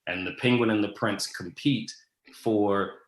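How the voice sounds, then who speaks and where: A man's voice: on the low side, steady tone, unhurried. Easygoing man in an echoey room. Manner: easygoing, many ums and restarts. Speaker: guest. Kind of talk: casual interview answers.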